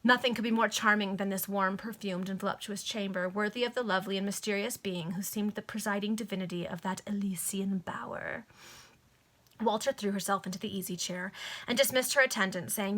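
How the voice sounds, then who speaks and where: A woman casually reading a novel aloud to friends over a video call, breaking off with excited asides. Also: medium pitch, brisk. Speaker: reader.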